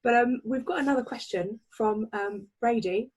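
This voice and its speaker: A woman's voice: on the high side, normal speed, a little mellow, rough recording. A woman co-hosting a podcast and reading out listener questions, bubbly and self-deprecating. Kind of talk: casual podcast chat.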